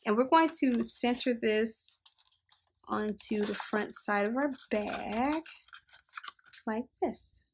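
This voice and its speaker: Upbeat lady walking thru a craft project, bit of a higher voice, some faint noise behind. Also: takes it slowly, pauses often. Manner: chatty, upbeat, talks while working with her hands. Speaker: crafting tutorial host. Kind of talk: casual how-to demonstration.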